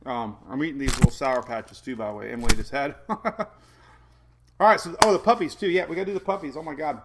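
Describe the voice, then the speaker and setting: Fast and very noisy, this mid-range male voice belongs to a weather show host streaming live from home. He chats loosely, rambling, cracking jokes about himself and laughing a lot.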